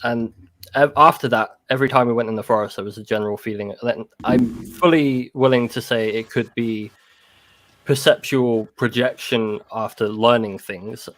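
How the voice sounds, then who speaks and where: Guest man telling a personal story, loose halting delivery, mid pitch, dry close sound. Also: fairly even intonation, fairly bright tone, no echo. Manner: halting, full of restarts and "like". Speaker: guest recounting an encounter. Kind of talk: casual conversational storytelling.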